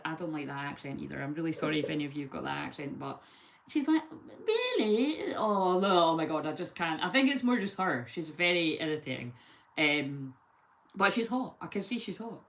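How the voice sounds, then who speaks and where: A woman giving a casual, rambling tarot reading full of lively chatty asides. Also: mid-range voice. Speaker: tarot reader.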